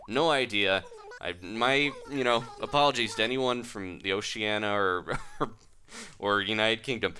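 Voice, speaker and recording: A man giving casual, playful commentary over a life-sim game, with soft game music behind. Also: on the low side, moderate pace. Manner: playful, reads game dialogue aloud. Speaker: gaming video host.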